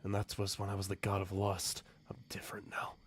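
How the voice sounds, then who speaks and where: A man's voice: low-pitched, moderate pace, creaky, a little hiss or hum. A man doing a weary, sighing villain. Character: weary male villain, the sadist.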